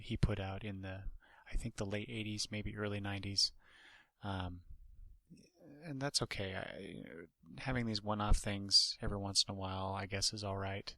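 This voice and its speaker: A man with a low, gravelly voice that stays bright and edgy, casually reviewing a comic. He rambles through restarts and asides. The recording is dry and close. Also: level tone, moderate pace, no room sound. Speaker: podcast host and comic reviewer.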